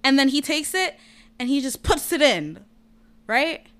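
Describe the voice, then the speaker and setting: A woman's voice: high voice, measured pace. A woman telling a personal story in casual chat, candid and profane. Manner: candid, profane, lively retelling.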